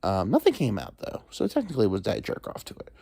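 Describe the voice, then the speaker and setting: Man, solo podcast host, crude rambling jokes, low voice, very animated, dry close sound. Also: quick pace, vocal fry, slightly rough, no room sound. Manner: rambling, crude, joking asides. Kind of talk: casual solo monologue. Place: alone at home.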